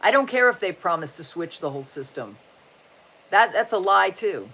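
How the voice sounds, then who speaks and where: A woman's voice: lowish voice, expressive, normal speed, a bit bright. A woman in her sixties hosting a casual livestream chat, chatty and folksy, telling corny jokes with an upbeat manner. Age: 60s. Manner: chatty and folksy, often saying "just saying". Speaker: livestream host.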